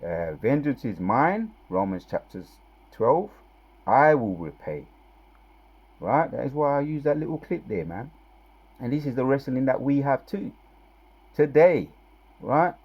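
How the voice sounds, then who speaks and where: A man giving an informal scripture teaching. He reads verses slowly with loud, drawn-out stress and talks casually between them, often asking "right?" and "yeah?". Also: medium pitch, sing-song, husky, dull audio. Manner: conversational, with tag questions and fillers between verses. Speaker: bible teacher.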